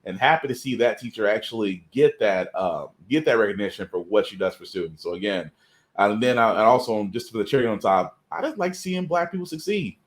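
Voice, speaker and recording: A man's voice: fairly low pitch, expressive, brisk. A man hosting a live podcast, talking in an earnest, emphatic way and repeating his points. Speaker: podcast host. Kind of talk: casual live podcast commentary.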